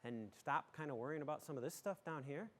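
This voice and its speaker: High-voiced folksy middle-aged man. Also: a little fast. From southern tier of western New York. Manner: joking, folksy, emphatic. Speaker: school superintendent. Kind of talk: folksy talk to a community audience.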